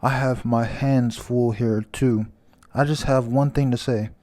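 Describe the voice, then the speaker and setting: A soft, earnest male friend on a call, read by a man in a near-natural voice. He speaks slowly and sincerely. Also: mid-range voice, steady tone, natural voice.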